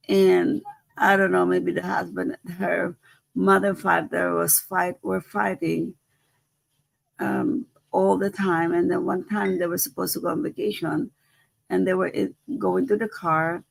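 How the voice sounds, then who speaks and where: A woman's voice: on the low side, gravelly, no room sound, rough recording. A woman spiritual teacher giving a live-streamed talk in a conversational way, often repeating herself and checking in with "right?".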